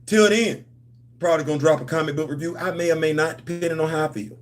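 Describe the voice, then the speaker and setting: Male host, higher than usual, AAVE, casual livestream rambling, playful banter. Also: fairly even intonation, fast. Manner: loose, repetitive, playful banter with slang. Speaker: host of a comics and culture channel.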